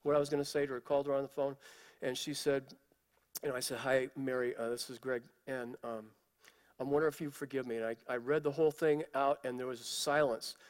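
A man's voice: medium pitch, flat delivery, a little fast, clear, resonant tone, in a large hall. A man giving a conversational sermon, telling personal stories with fillers and asides.

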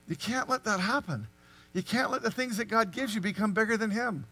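Animated high-voiced male preacher. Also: gravelly. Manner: animated, rhetorical questions to the congregation. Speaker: pastor. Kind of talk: sermon.

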